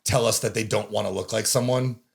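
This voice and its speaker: A man hosting a podcast in casual chat, animated and laughing often, with some swearing. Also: on the low side, a little fast, vocal fry. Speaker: podcast host.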